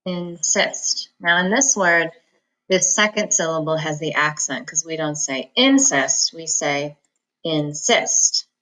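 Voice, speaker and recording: A woman teaching a reading lesson, slowly sounding out words and syllables and pausing for the listener to repeat them. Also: low voice, fairly even intonation, pushed and bright. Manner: slow, patient enunciation of words and syllables; repeats each word for the listener to echo. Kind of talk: phonics lesson, slow and clear.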